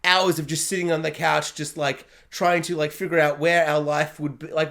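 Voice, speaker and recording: High-voiced man rambling through a review. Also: level tone, moderate pace, creaky, few pauses, fairly bright tone. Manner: rambling, heavy on "like" fillers. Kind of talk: casual spoken review.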